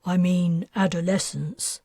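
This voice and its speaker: A woman's voice: fairly low pitch, steady tone, slow, mellow, husky, no room sound, clean studio sound, full character voice. A woman reading a mild, curious adult man who asks questions.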